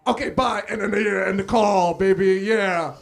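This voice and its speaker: A man's voice: high-pitched, a little slow, gravelly. A man performing a live stand-up set in a small cafe, telling stories and acting out the people in them. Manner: animated, acts out characters in his stories. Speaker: stand-up comedian. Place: small cafe comedy stage.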